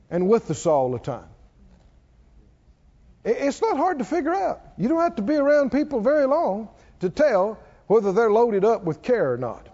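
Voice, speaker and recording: A man preaching a sermon, calling on the congregation to answer back and building up to shouts. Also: high voice. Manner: call-and-response, coaxing the congregation, rising to shouts. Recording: dull sound with long hall reverb.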